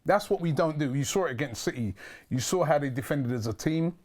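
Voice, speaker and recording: A man's voice: on the high side, animated, a little fast, darkish tone. A man hosting a fan preview show, with an upbeat presenter manner, steering the casual chat. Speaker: host.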